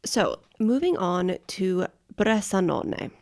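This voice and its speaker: A woman's voice: medium pitch, lively intonation, takes it slowly, a little mellow. A woman co-hosting a casual travel podcast, enthusiastic and informative, often correcting herself. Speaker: podcast co-host. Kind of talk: casual chat.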